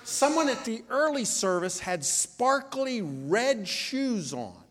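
Animated high-voiced man leading a children's sermon. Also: slow. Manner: animated, playful, talks to kids with questions. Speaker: pastor giving children's sermon. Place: church sanctuary. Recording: reverberant church hall.

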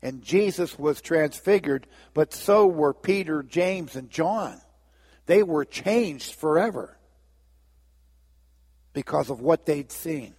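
A man preaching a sermon as pastor, telling a story and acting out the characters' lines in lively voices. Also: on the high side, slow pace, breathy edge, long reverb tail. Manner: storytelling, acts out biblical dialogue with lively voices.

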